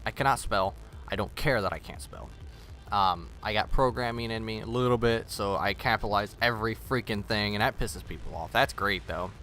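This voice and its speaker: A man's voice: lowish voice, normal speed, pushed and bright. A man rambling casually in a vlog, blunt and swearing freely. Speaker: vlogger.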